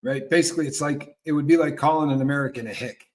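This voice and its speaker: A man hosting a loose, unscripted morning talk show, with a slightly high voice for a man. He tells stories with many restarts and acts out what people said. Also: fast. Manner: storytelling with acted-out quotes and frequent restarts. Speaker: host. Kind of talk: casual live talk show chat.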